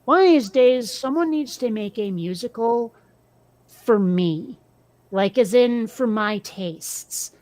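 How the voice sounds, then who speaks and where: A woman's voice: on the high side, expressive, takes it slowly, a little mellow, no echo. Blunt, wry woman on a dry mic. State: a little tired. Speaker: podcast host. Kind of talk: casual chat.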